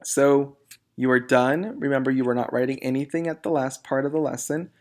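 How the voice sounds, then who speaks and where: A male teacher walks students through a recorded grammar lesson. He speaks slowly and clearly in a mid-pitched voice, reading each example sentence aloud. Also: steady tone, darkish tone.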